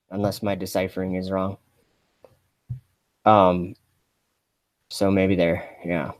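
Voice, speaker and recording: A man chatting on a mock live stream in a deadpan, rambling way, full of fillers and restarts. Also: deep voice, takes it slowly, pauses often. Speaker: satirical livestreamer posing as an astronaut.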